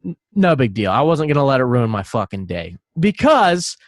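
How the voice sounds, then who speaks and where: A man's voice: medium pitch, sing-song, normal speed, no echo, studio quality. A man co-hosting a podcast, telling a rambling, profane story with lots of laughter. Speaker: podcast co-host. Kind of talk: casual podcast chat.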